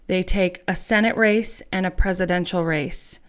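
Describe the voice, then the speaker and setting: A fairly low-pitched woman talks casually into her webcam, blunt and swearing freely. Her voice is smooth and clear, broken up by fillers and restarts. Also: steady tone, moderate pace. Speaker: podcast host. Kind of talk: casual monologue.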